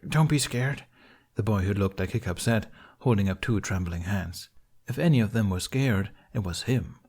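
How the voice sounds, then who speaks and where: A man narrating a fan fiction audiobook in a steady, measured storytelling voice. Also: lowish voice, slightly rough. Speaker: audiobook reader.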